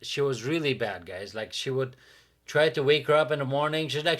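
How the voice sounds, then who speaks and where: A man co-hosting a podcast, telling a dating story in a casual, animated way and acting out what others said. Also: mid-range voice, brisk. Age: adult with a teen-era dating life, father. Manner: animated, acts out quotes of others. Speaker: podcast co-host.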